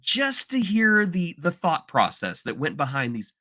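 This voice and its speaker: A man co-hosting a podcast in casual, animated chat, exaggerating and slipping into mock voices. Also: fairly high pitch, measured pace. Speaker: podcast co-host.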